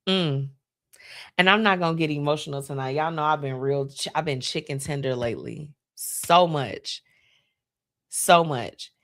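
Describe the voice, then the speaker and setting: A woman's voice: sits low, animated, brisk, a bit bright, no echo, studio quality. A woman hosting a live stream, talking casually and emotionally about her friends. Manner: chatty, heartfelt, emotional. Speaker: host.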